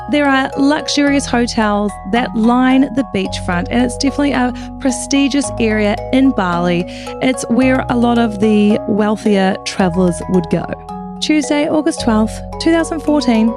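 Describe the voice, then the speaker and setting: A woman co-hosting a true crime podcast, telling the story in a dramatic, chatty way with swearing asides, recorded in a hotel room. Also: sits high. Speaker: podcast co-host.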